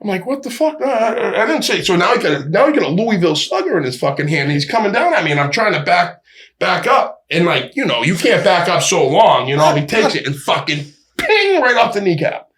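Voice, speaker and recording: A man's voice: sits high, a little fast. Profane man telling stories. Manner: profane, animated storytelling. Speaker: podcast guest, boxing gym owner. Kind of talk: casual storytelling.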